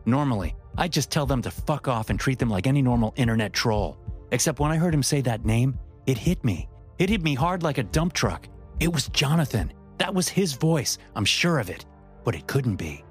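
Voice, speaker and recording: A man's voice: medium pitch, lively intonation, moderate pace, faint music behind. A man giving scripted first-person horror narration in a tense storytelling manner.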